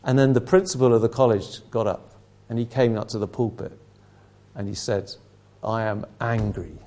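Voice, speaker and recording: A man's voice: medium pitch, fairly even intonation, brisk, mellow. A middle-aged man preaching a sermon, emphatic, his intensity rising and falling.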